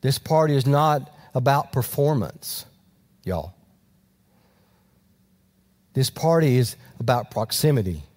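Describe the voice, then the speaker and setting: A man voicing a gentle, loving father who pleads softly with his son. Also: animated, slow pace, long pauses. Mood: tender. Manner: soft, low, tender pleading.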